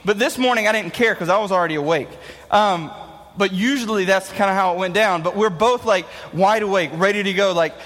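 A young man giving a youth talk, spinning an animated, jokey story to an audience in a large hall. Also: high-pitched. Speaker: youth speaker. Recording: echoey hall reverb.

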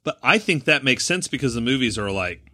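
A man's voice: mid-range voice, very animated, a little fast, pushed and bright, no echo, clean studio sound. A man co-hosting a podcast, chatting casually about movies, recapping plots and laughing often. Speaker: podcast co-host.

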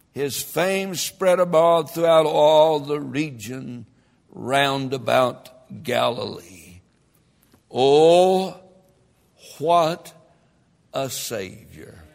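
A man preaching a sermon as pastor, reading scripture and building emphatically to loud peaks. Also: a little high, vocal fry. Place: church sanctuary. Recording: long hall reverb.

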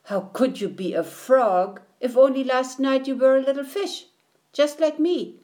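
Lady reading a kids' book and doing an eager little fish, high voice, full of questions. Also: normal speed, warm tone, close to an everyday voice. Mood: doubtful. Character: eager young male minnow fish, curious and impatient. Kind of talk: children's picture book read aloud.

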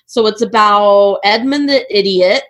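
A woman's voice: mid-range voice, unhurried, fairly bright tone. A woman on a podcast panel, chatting casually, swearing and laughing a lot as she recounts a story. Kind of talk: casual group chat.

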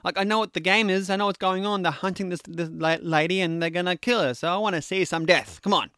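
A man's voice: high-pitched, fast, bright, forceful tone, no echo, studio quality. A man casually reviewing a horror comedy film, rambling with lots of fillers and briefly acting out the scenes he describes. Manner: rambling, filler-heavy, acts out scenes in quotes. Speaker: movie reviewer.

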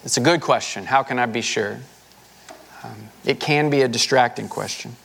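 A man's voice: medium pitch, moderate pace, gravelly, a bit bright, slight background noise. A man, a pastor, giving a conversational sermon with a folksy, casual manner and frequent filler words.

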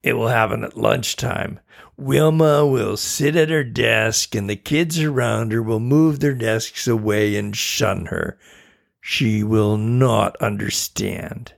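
A man voicing a small, sneering male imp who gloats in slow, mocking taunts. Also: on the low side, creaky, full character voice. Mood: gloating.

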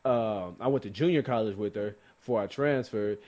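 A young man from Sacramento co-hosting a sports podcast, talking in an animated, laughing way with many restarts. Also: lowish voice, normal speed. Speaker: podcast co-host. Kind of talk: casual sports chat.

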